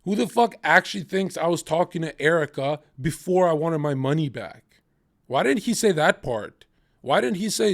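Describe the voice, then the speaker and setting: Young man, streamer, angry profane rant, slightly high voice, quotes others in mocking voices. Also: animated, moderate pace, vocal fry. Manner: heated, profane, acts out others' lines in quotes. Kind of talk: ranting livestream commentary.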